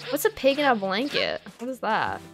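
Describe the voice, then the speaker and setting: A woman with a fairly high, creaky voice talks at a moderate pace over background music while live-streaming a game. She's giggly and animated, laughing often as she reads and answers her viewers' chat in casual conversation.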